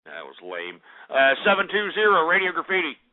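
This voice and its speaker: Brash male call-in radio host with a high voice, heard through a thin phone-like signal. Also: huge pitch swings, brisk. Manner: brash, mocking, insults callers. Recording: phone-like lo-fi broadcast audio.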